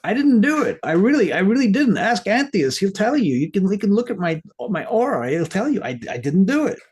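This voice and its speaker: A man puts on a jittery young vampire who protests in a strained, higher voice. He sounds flustered and defensive. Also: very animated, brisk, darkish tone, husky, heavily acted. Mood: pleading. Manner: pleading, high, flustered.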